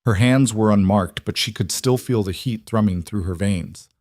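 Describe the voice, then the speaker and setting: A man narrating a fantasy romance audiobook in a steady storytelling way. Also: fairly low pitch, moderate pace, no room sound, clean studio sound.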